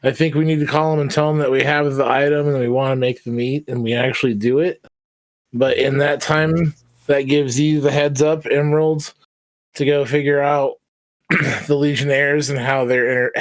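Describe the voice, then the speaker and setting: A man's voice: medium pitch, level tone, normal speed, no echo, low-quality recording. A man playing a tabletop game, laying out the crew's plan decisively. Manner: decisive, lays out plans. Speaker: player.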